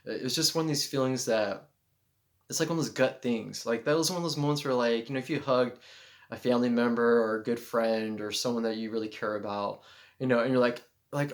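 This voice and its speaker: Vlogging to a handheld camera and its mic, a man offers spiritual thoughts in an earnest, rambling monologue peppered with "you know." His voice is medium in pitch and fairly quick.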